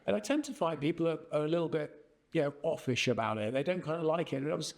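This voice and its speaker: A man hosting a casual interview, telling an animated story and acting out the voices in it. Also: fairly high pitch, quick pace. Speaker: podcast host.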